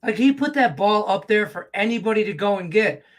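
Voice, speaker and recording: A man hosting a live betting show, ranting profanely about the game on screen. His voice sits a bit high for a man, and he swings from loud outbursts down to low grumbles. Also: fairly quick. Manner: profane, excitable, rants then mutters low. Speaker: sports betting show host.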